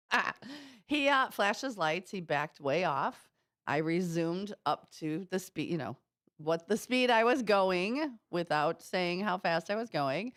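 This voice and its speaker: A woman's voice: mid-range voice, no echo, clean studio sound. A woman with a Midwestern American accent co-hosting a morning radio show, chatting animatedly and telling stories with laughs. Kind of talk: casual morning radio chat. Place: radio studio.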